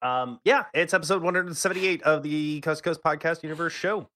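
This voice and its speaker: A man's voice: on the high side, fairly even intonation, fairly quick, sharp tone. A man hosting a gaming podcast, chatting casually and joking with his co-hosts. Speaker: podcast host. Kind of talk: casual chat.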